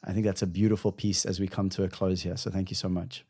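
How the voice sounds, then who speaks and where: A man hosting a podcast, speaking in a heartfelt, effusive way and thanking his guest and listeners warmly. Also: low voice, little pitch movement, quick pace, breathy edge. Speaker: podcast host. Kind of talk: conversational podcast talk.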